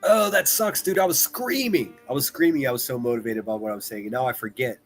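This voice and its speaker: Animated, profane man mocking a clip on a livestream. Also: mid-range voice, quick pace, faint music behind. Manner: profane, mocking, swings between loud outbursts and muttering. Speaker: livestream commentator. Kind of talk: reacting to clips on a livestream.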